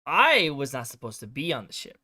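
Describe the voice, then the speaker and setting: A man's voice: mid-range voice, very animated, brisk, bright, forceful tone, dry recording. A male streamer casually recapping a game's story, rambling with lots of fillers. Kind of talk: casual game recap chat.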